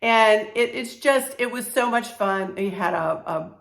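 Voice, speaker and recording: Speaking a little slowly, a Southern American woman who vlogs about home decor rambles to the camera with plenty of fillers. Her hoarse, strained voice is medium-pitched with a fairly bright tone, and the room sound is noticeable.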